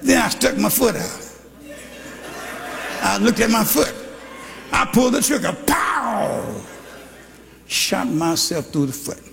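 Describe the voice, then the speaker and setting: An older man from Texas, preaching a sermon with shouting and animated storytelling. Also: high-pitched, measured pace, vocal fry, pauses often. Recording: live church hall with congregation.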